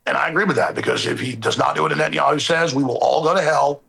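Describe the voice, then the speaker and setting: Gravelly, sarcastic male commentator. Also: a little high, fast talker, sharp tone, low-quality recording. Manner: sarcastic, emphatic, indignant. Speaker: political commentator. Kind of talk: played clip of sarcastic political commentary.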